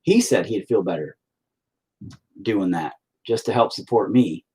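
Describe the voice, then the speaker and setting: Painting while livestreaming, a male artist rambles to his viewers in a candid, profane, self-deprecating way, captured by a laptop mic. His voice is fairly low, expressive, dark, and a bit breathy, with a slightly slow pace.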